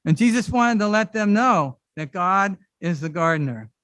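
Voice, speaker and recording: A middle-aged man preaching a sermon in a conversational, animated way with casual asides. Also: sits high, moderate pace, no echo. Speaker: pastor. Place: church service.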